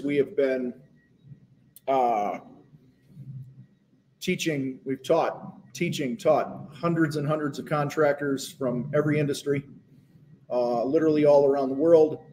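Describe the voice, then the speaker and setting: Male live-stream host, slightly high voice, loose rambling delivery with fillers and restarts. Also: mellow, slight background noise. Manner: talks with his mouth full at times. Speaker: host of a live business show. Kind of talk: casual live-stream talk. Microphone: phone.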